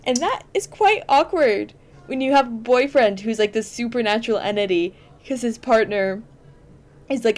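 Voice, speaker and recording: A woman's voice: a little high, moderate pace. A woman hosting a podcast, chatting casually and explaining at length with enthusiasm and plenty of fillers. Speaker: podcast host.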